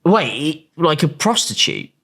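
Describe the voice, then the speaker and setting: Sarcastic young man, lively pitch. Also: a little slow. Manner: sarcastic, mocking, swears freely. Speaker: commentary YouTuber. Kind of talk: casual online commentary.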